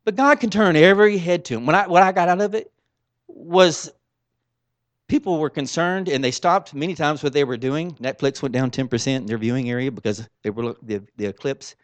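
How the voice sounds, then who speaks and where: A man preaching a sermon, swinging between soft asides and loud exclamations in a folksy, informal way. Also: on the high side, no room sound.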